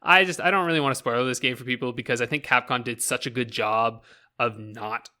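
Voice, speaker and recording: A man's voice: medium pitch, a little fast, sharp tone. A Canadian man co-hosting a casual podcast, talking animatedly about games, laughing often and swearing casually. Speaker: podcast co-host. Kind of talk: casual chat.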